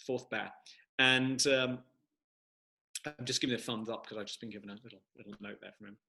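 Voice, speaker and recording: Bright-voiced man chatting over a video call. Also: mid-range voice, fairly even intonation, brisk, rough recording. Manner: chatty, rambling joke-teller. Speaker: author. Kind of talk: casual talk at an online book launch.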